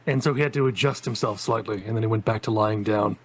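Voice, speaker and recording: A man playing a tabletop roleplaying game, calmly narrating what his character does. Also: lowish voice, fast.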